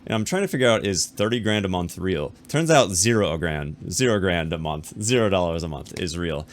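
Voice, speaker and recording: A YouTuber with a low, deep voice animatedly narrates a business story straight to the camera. Fast and chatty, he stumbles into repetitions and fresh starts while voicing the other figures he describes.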